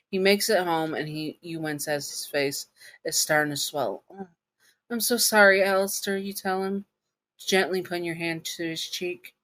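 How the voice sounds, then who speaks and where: Brief: woman with a Southern accent narrating fan fiction in second person, halting, casual. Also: sits low, a bit bright. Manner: halting, with restarts and fillers. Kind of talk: second-person story reading.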